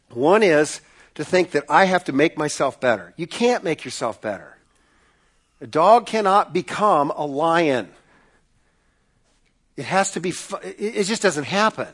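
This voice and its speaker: Middle-aged man, pastor, sermon, emphatic repetitive cadence, high pitched voice. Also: a bit bright.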